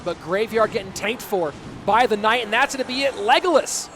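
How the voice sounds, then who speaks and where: A man doing live play-by-play esports commentary, quick and chatty, joking with his viewers between plays. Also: high voice, a bit bright, slight background noise. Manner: quick, chatty, jokes with the audience. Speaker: esports caster. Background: music.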